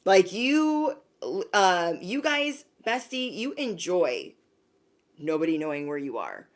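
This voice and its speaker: A woman's voice: on the low side, very animated, takes it slowly. A woman giving a live-streamed zodiac reading. She is chatty and slangy, talks straight to her viewers, and often acts out quoted voices. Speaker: intuitive card reader.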